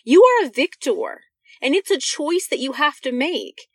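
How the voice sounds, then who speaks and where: A woman's voice: sits high, lively intonation, measured pace, dry recording. A woman giving an earnest devotional talk to women, reading scripture verses and speaking directly to her listeners with encouragement.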